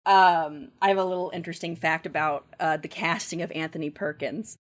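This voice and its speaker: A woman's voice: low-pitched, fairly even intonation, fairly quick. Chatty woman guest on a movie podcast. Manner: chatty, laughs often, many fillers. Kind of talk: casual movie discussion.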